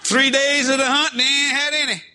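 A man preacher telling a story from the pulpit, animated and breaking into loud shouts of praise. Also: very high voice, fairly quick, background noise. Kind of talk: storytelling sermon.

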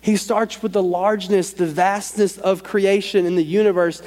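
Impassioned high-voiced pastor in a reverberant church. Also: male voice, level tone, moderate pace, darkish tone. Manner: impassioned, repeats phrases for emphasis. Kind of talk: sermon. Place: church sanctuary. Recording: church hall with long reverb and faint music.

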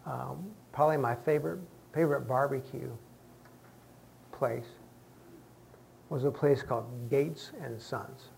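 A pastor stands before his congregation and preaches in a plain, talk-it-through way, slipping into quoted voices along the way. His middle-pitched man's voice carries a gravelly rasp. Faint noise from the room sits behind him. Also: fairly even intonation, measured pace, long pauses, darkish tone. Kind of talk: sermon. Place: church sanctuary with congregation.

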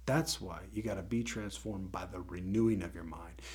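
A man's voice: low-pitched, moderate pace, darkish tone. A man hosting a faith-based teaching show gives a motivational talk in a conversational, emphatic way, often checking in with his listeners.

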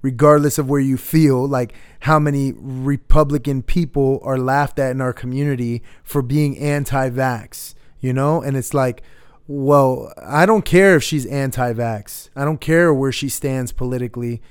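A man's voice: mid-range voice, fairly even intonation, measured pace, clear, resonant tone, no echo, clean studio sound. A man hosting a podcast, talking in a laid-back, conversational way. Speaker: podcast host. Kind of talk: casual podcast chat.

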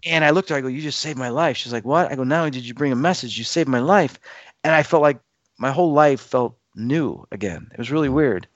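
A man's voice: medium pitch, fast talker, dry recording, dull audio. Man telling a vivid personal story. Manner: acts out quoted voices, lively and emphatic.

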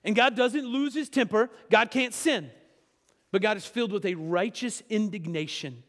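A man's voice: sits high, normal speed, a bit bright, long reverb tail. A man preaching a sermon as pastor, talking to the congregation in a conversational way with frequent tag questions like "right?" and "okay?".

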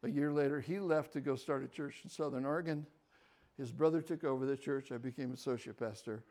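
An older man giving a personal storytelling talk as a guest speaker, lively and shifting between quiet asides and loud animated bursts. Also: medium pitch, brisk.

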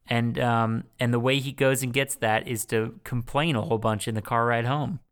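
A man's voice: medium pitch, steady tone, normal speed, hardly any pauses, clear, resonant tone. A young man co-hosting a podcast, recapping a movie in a jokey, profane way and laughing often. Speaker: podcast co-host. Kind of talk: casual movie-recap chat.

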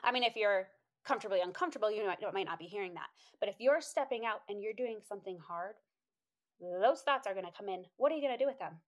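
A woman telling a motivational story in a casual, animated way, quoting herself in high voices and laughing often. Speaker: inspirational speaker.

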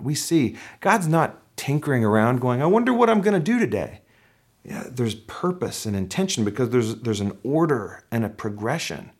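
Male pastor, mid-range voice, relaxed conversational sermon delivery with measured scripture reading. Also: medium pitch, slightly rough. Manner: conversational preaching with fillers and restarts, reads scripture slowly.

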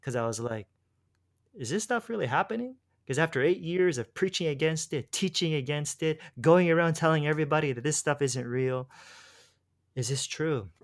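A man's voice: fairly high pitch, moderate pace. A man casually recounting a personal faith story in conversation, rambling with restarts and slang like "dude" and "bro". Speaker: guest telling his faith story.

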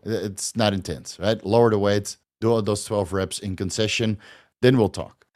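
A man with a medium-pitched, slightly mellow voice hosts a viewer Q&A as a casual monologue. He answers questions bluntly and rambles, with frequent fillers, restarts and swearing.

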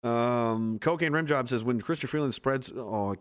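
A man in the middle of a casual livestream, talking at a medium pitch. He rants bluntly and swears freely, and he sounds exasperated as he reads out and answers viewer comments. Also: moderate pace, clean tone. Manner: blunt, profane, exasperated ranting.

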